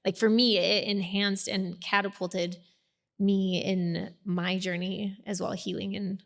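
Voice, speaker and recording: A woman's voice: medium pitch, flat delivery, takes it slowly, vocal fry. Woman, podcast co-host, heartfelt, reflective, reverberant room. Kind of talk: casual podcast conversation.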